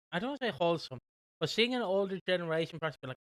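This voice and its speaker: A young British man co-hosting a podcast, casually recapping a soap with a rambling, animated manner. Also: a little high, quick pace, no echo. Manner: rambling, animated retelling with quoted voices. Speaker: podcast co-host.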